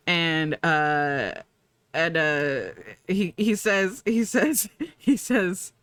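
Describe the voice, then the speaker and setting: A woman's voice: fairly low pitch, extremely slow, fairly bright tone, smooth, no room sound. A woman streamer in casual chat, rambling and profane, laughing often as she talks.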